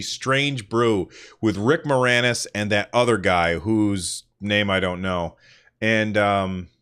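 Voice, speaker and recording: A man's voice: on the low side, a bit bright, clear, resonant tone. A man from the northern United States hosting a casual solo podcast livestream, telling rambling, self-deprecating stories. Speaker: podcast host.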